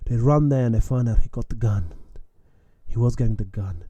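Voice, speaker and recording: Young man for a casual storytime, very dark warm tone, dry close sound, animated with chuckles. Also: medium pitch, brisk, slightly rough, dry recording, dull audio.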